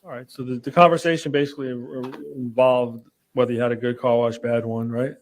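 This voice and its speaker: Brief: male attorney, quick delivery, direct examination in court. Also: medium pitch, flat delivery. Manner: brisk, leading questions. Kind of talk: courtroom questioning.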